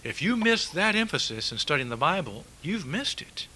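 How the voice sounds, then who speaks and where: A man's voice: a little high, sing-song, moderate pace, sharp tone, rough recording. A man preaching a sermon, emphatic, repeating key words and asking rhetorical questions.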